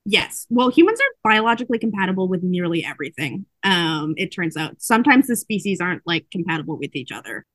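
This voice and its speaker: A woman hosting a casual podcast chat, recapping a book in animated storytelling and acting out the characters' lines. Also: lowish voice, fast, hardly any pauses, no echo.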